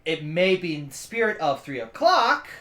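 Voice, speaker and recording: A man's voice: fairly high pitch, sing-song, measured pace, a bit bright, reverberant. A man running a tabletop game as game master, explaining rules and thinking aloud as he rules on skills.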